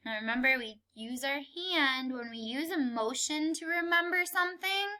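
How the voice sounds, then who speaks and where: A woman teaching young children a calendar lesson, leading counting and spelling drills in a clear, sing-song, encouraging way. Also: high voice, normal speed, few pauses, sharp tone. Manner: encouraging, playful. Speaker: kindergarten teacher.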